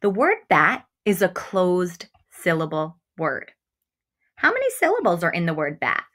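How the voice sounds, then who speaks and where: Bright-voiced woman teaching first graders. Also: lowish voice, big pitch swings. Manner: slow, exaggerated enunciation of example words; encouraging, talks directly to young students. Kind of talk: remote phonics lesson for children.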